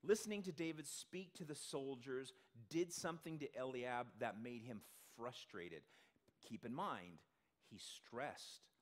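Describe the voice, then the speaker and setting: A man's voice: medium pitch, measured pace. A male pastor delivering a sermon in a conversational way, asking the congregation questions and acting out the voices he quotes. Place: church sanctuary.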